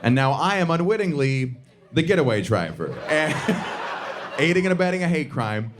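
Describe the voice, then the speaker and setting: A man from the Southern US performing a stand-up comedy set on a theater stage, with a sardonic, punchy delivery and sudden high-pitched outbursts. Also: very animated, normal speed. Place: theater stage before a live audience. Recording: live stage recording with audience noise.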